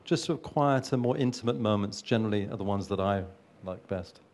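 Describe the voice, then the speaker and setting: A man's voice: lowish voice, fairly quick, darkish tone. A man, a film producer, answering interview questions earnestly, with frequent hesitations and restarts.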